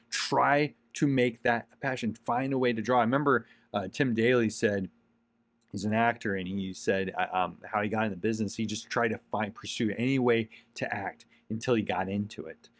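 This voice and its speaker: A man's voice: lowish voice, moderate pace, no room sound. A man hosting his own podcast, giving an earnest, repetitive motivational monologue with emphatic pushes. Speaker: podcast host.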